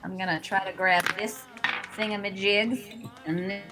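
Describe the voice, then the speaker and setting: A woman's voice: mid-range voice, steady tone, normal speed, over loud music. Wry, chatty woman co-hosting from home. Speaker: co-host. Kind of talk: casual chat on a live stream. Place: home office.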